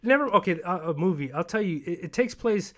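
A man's voice: high voice, expressive, fast. A man in casual chat, rambling and swearing as he retells stories and acts out bits of dialogue. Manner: rambling, profane, acts out quoted voices.

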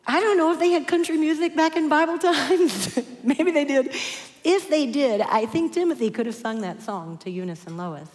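A woman preaching a sermon in an earnest, gentle way, with soft asides. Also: high voice, animated, moderate pace. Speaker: speaker giving a church message. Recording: reverberant hall.

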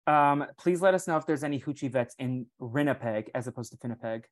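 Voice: medium pitch, a little fast. A podcast host running a casual catch-up with friends. The talk is teasing and slangy, light and offhand. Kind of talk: casual chat.

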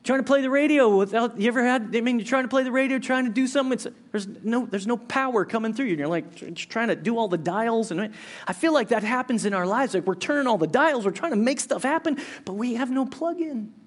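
A high-pitched male pastor delivering a sermon. He talks earnestly and conversationally, often restarting his sentences, and his voice climbs and presses when he drives a point home, then drops low and slow for quiet reflection.

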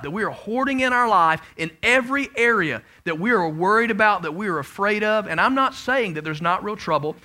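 A man preaching a sermon as pastor, swinging from loud emphasis to hushed, intense passages, with humorous asides and acted-out bits of dialogue. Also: high-pitched.

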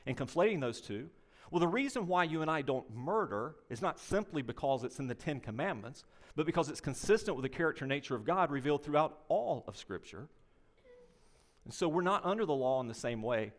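An older man preaching a sermon, animated and conversational, telling anecdotes and addressing the congregation directly. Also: on the high side, a little fast. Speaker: pastor.

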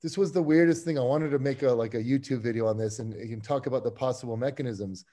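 Mellow-voiced man telling an excited story. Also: mid-range voice, quick pace. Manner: animated, excitable storytelling with many restarts. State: getting emotional. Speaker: podcast guest. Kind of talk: casual chat.

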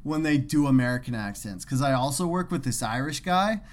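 A man's voice: medium pitch, brisk. A young man co-hosting a podcast, telling stories in casual, profane banter. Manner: animated, profane storyteller. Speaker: podcast co-host.

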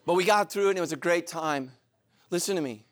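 A middle-aged man preaching a sermon, telling stories animatedly, moving between loud excitement and low, earnest intensity. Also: quick pace, no room sound, studio quality. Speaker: pastor.

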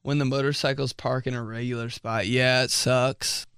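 A young man riffs through a casual comedy podcast, rambling and animated, full of fillers and goofy sound effects. His voice is bright and crisp. The recording is close and dry. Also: medium pitch, normal speed, dry recording. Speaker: podcast host.

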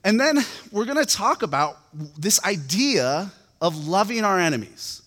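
A man preaching a sermon in a relaxed, storytelling way, with lots of casual fillers. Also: high voice, unhurried. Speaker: pastor. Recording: long reverb of a hall.

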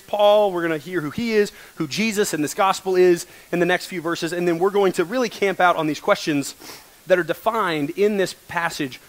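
A young man pastoring a college ministry, preaching earnestly in a coffee shop service, emotional and joking with his listeners. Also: high voice. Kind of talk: sermon.

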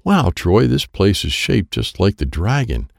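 A man's voice: huge pitch swings, measured pace, vocal fry, dry recording, studio quality, exaggerated voice. A man voicing a bossy, impatient young girl in a storybook reading, pushing everyone to hurry. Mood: curious. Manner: urgent, pushy, high-pitched. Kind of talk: storybook character voice.

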